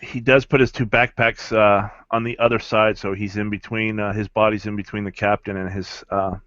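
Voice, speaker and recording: A man playing a tabletop game, haltingly describing what his character does. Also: fairly low pitch, little pitch movement, a bit bright, no room sound. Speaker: player. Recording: dry, dull lo-fi recording.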